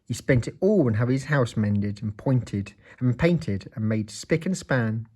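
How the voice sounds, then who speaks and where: A man reading a children's story aloud in an expressive, playful way. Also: medium pitch, unhurried, slightly rough.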